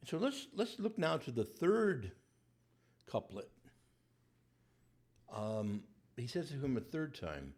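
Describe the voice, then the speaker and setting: A man's voice: mid-range voice, sing-song, a little slow, a little mellow. A male priest giving a conversational sermon, acting out the dialogue as he goes.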